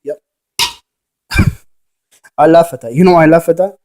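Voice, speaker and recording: A man's voice: on the high side, moderate pace, mellow, a little hiss or hum. A man who investigates ghosts, giving a rambling, preachy monologue and arguing with the viewer through rhetorical questions. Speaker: paranormal investigator.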